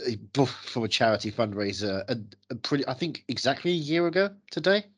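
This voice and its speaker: A man's voice: mid-range voice, a little fast, a bit bright, breathy edge. A man hosting a podcast, chatting casually in a playful, rambling, teasing way. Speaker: podcast host.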